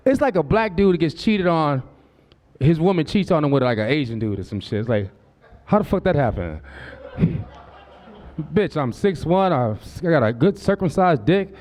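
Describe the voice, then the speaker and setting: A man in his forties works a comedy club stage in a brash, profane, easygoing stand-up set. His voice sits fairly high for a man, and he talks straight to the crowd. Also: expressive, measured pace, pauses often, darkish tone. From Southern California. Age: 40s. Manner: brash, profane, loose and conversational.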